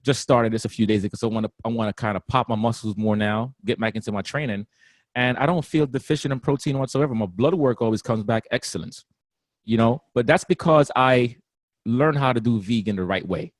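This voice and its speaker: A man talking casually as a guest trainer, animated and often laughing, acting out other people's voices. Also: mid-range voice, a little fast, no echo. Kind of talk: casual interview talk.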